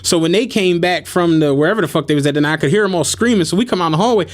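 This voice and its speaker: High-voiced man telling animated stories. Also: rapid-fire. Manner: animated, laughing, acts out quotes. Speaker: podcast host. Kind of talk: casual storytelling.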